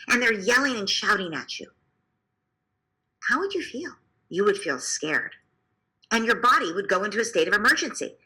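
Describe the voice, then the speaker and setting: A woman clinical psychologist explaining parenting to listeners in an animated way, asking them to imagine scenes. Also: medium pitch, poor audio. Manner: animated, often acts out quoted speech.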